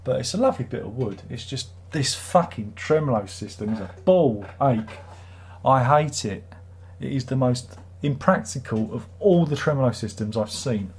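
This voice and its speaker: A man's voice: medium pitch, lively intonation, moderate pace, a little mellow, husky. A middle-aged British man hosting a livestream, chatting in a rambling, wry, self-mocking way. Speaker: livestream host. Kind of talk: casual livestream chat.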